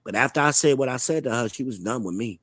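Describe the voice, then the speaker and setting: A man's voice: mid-range voice, fast talker, fairly bright tone. A man with a mid-range voice hosts a live online talk show, and his delivery is blunt, profane and swaggering. The sound is close and dry, with almost no room echo. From Charlotte, United States. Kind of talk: casual opinionated chat.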